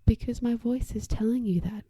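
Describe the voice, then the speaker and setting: A young adult woman hosting a solo podcast as an occupational therapist, chatty and reassuring, often dropping to a soft whisper as she explains parenting strategies. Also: on the high side, fairly even intonation, moderate pace, breathy edge, dry recording.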